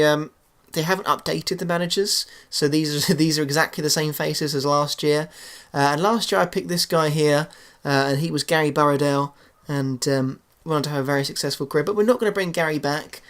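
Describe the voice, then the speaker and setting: A man's voice: on the high side, fairly bright tone. A young man giving casual, hesitant commentary on his football game, full of fillers and restarts. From England. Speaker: gaming YouTuber.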